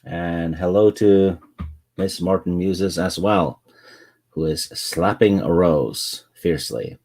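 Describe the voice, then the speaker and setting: A man's voice: low-pitched, takes it slowly, darkish tone. A man co-hosting a live stream, reading a game announcement and chatting with viewers in a laid-back, dry way. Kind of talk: casual live-stream chat.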